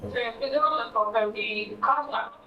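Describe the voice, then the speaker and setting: A woman's voice: a little high, measured pace, a little hiss or hum. A woman student answering in class, hesitantly checking numbers aloud. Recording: distant, tinny, echoey.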